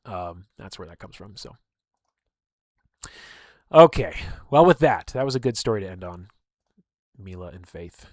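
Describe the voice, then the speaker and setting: A man's voice: deep voice, lively intonation, a little slow, pauses often, no echo, studio quality. A man telling stories in casual chat, rambling with many fillers and openly emotional. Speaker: streamer and game player.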